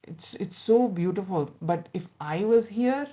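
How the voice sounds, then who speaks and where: A woman's voice: medium pitch, lively intonation, a little slow, dark tone, natural voice. A woman voicing an envious, wide-eyed male crow who talks breathlessly and drops into whispers as he admires the other birds. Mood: admiring. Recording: dull lo-fi recording.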